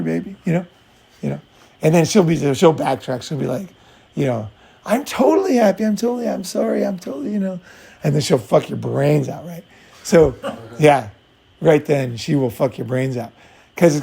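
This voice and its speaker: Gravelly, animated man coaching on dating. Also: a little high. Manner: animated, acts out both sides, blunt and profane. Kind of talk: casual talk with acted-out scenes.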